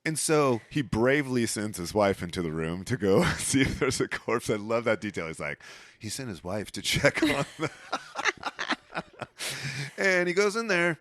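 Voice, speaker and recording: A man hosting a podcast, retelling a story in casual, profane chat and acting out the characters in quick asides. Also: medium pitch, big pitch swings, fairly bright tone, no echo. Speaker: podcast host.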